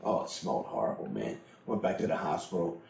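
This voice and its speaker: A man's voice: very deep voice, very animated, a little fast, creaky, a little mellow, reverberant, slight background noise, poor audio. A middle-aged man telling a personal story in a blunt, profane way, laughing often as he goes. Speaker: interviewee.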